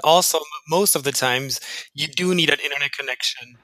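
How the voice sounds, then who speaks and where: A man's voice: fairly high pitch, brisk, pushed and bright, no room sound, rough recording. A man from Bavaria, chatting wryly on a podcast. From Bavaria, Germany. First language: German. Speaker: podcast co-host. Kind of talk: casual discussion.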